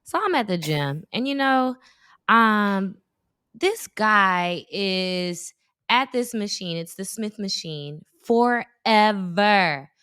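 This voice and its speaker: A woman's voice: mid-range voice, slow pace, clean tone, no room sound, studio quality. A woman in her thirties, a guest in a casual chat, telling stories with lots of acted-out quotes. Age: 30s. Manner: animated storyteller, acts out quotes.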